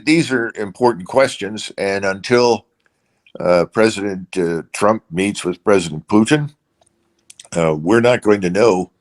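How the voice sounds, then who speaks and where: A man as a guest analyst, speaking unscripted with measured pacing and frequent hesitant restarts. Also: deep voice.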